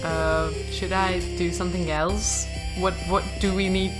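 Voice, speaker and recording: A woman's voice: lowish voice, flat delivery, unhurried, loud music behind the voice, poor audio. A woman hosting a gameplay video, chatting casually in a giggly, rambling, self-teasing way. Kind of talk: casual game commentary.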